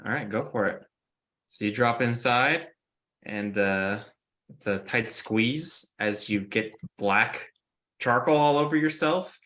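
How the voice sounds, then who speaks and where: A man's voice: mid-range voice, slow, a bit bright. A man narrating as game master in a casual tabletop session, describing scenes with many fillers.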